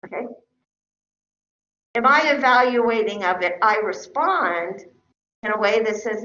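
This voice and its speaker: A woman's voice: mid-range voice, animated, unhurried, pauses often, sharp tone. Middle-aged woman teaching in an echoey room. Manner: conversational, checks in with the class often. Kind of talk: recorded class lecture. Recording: echoey room, dull lo-fi sound.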